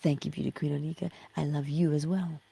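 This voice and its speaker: A woman's voice: sits low, level tone, a little fast, gravelly, mellow, husky, no room sound. A middle-aged woman hosting a spiritual teaching livestream, reading viewer chat, affectionate, laughing often and slipping into whispers.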